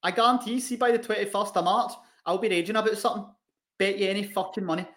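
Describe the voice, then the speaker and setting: A man's voice: high voice, quick pace. A young Scottish man co-hosting a podcast, chatting casually with lots of swearing and laughter. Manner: animated, sweary, laughs often. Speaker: podcast co-host, online coach. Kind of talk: casual chat.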